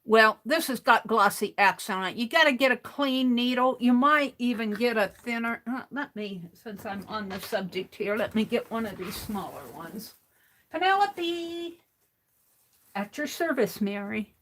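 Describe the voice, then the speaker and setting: A woman's voice: fairly high pitch, normal speed, hardly any pauses, fairly bright tone, slight background noise. A woman hosting a craft livestream, explaining how to clean a paint bottle in a rambling way, restarting her sentences as she works with her hands.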